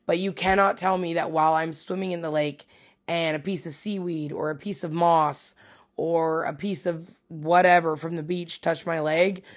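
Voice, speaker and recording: Woman rambling on her podcast at home, swears a lot, laughs at herself, kinda low voice. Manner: rambling, profane, self-mocking. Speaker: podcast host. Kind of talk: casual solo podcast chat.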